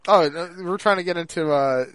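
A man co-hosting a casual podcast, talking haltingly with repeated words and laughter. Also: a little high, fairly bright tone, no room sound. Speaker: podcast co-host.

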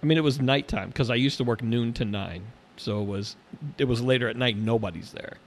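An animated middle-aged co-host keeps a casual chat going. He readily jumps into high-pitched voices to imitate the people he's quoting.

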